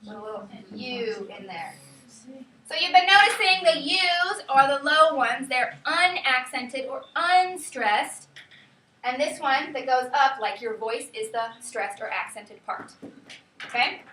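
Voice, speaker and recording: A woman teaching a class, leading students with lively, sing-song calls. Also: sits high, takes it slowly. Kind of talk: classroom lesson. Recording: echoey classroom from far off.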